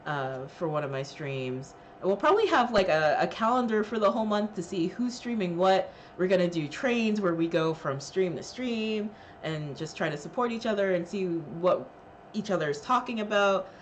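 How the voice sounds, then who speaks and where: Emotional woman streamer with a lively voice. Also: lowish voice, normal speed, a little hiss or hum. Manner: emotional, laughing, thanking chat, many fillers. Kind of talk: casual live-stream chat.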